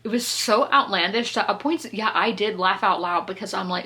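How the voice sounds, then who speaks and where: A woman's voice: medium pitch, normal speed, bright, forceful tone. A woman, chatting casually through a book review, laughing often and correcting herself as she goes. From South Carolina, US. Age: 20s. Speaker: book vlogger.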